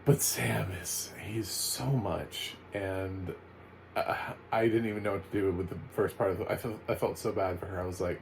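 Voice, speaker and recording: Chatty low-voiced man reviewing a film. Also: normal speed, vocal fry, a little hiss or hum, low-quality recording. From United States. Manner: chatty, animated asides with frequent laughs and fillers. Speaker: movie reviewer. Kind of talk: casual spoken film review.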